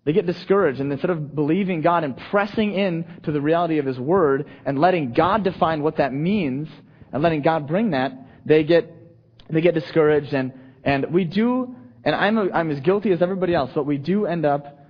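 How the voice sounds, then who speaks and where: A man preaching a sermon to a congregation in a loose, conversational way, often checking in with the room and swinging between soft asides and emphatic points. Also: a little high, brisk. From United States. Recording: dull, lo-fi sound.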